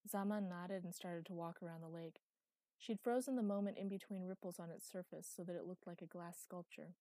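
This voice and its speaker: A woman reading a fantasy story aloud in a calm, measured narration. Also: fairly low pitch, no room sound. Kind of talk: audiobook narration.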